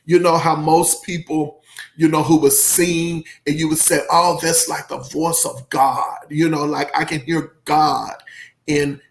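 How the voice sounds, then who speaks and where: Gravelly, slow-talking emotional male reviewer. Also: a little high, level tone. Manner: effusive, emotional, rambling with many fillers. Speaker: music reviewer. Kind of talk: casual album commentary.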